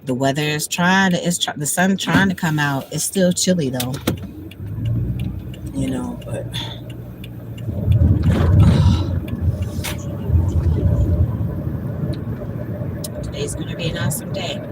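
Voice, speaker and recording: A woman's voice: low voice, extremely slow, pauses often, heavy background noise. A woman, blunt and talking about herself by name in a casual livestream monologue. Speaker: vlogger.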